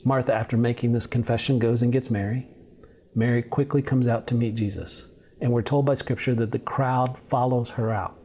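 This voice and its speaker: Mellow-voiced male pastor preaching casually. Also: mid-range voice, a little hiss or hum. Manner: conversational, humorous asides. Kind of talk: sermon. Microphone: on video.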